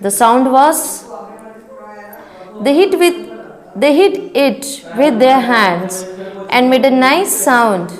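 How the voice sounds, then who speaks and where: Woman teacher for a children's reading lesson, very slow and deliberate, pauses to explain words. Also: a little high, animated. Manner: rereads lines and explains word meanings; chants sound words in a sing-song rhythm. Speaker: school teacher. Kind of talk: reading a story lesson aloud to young children.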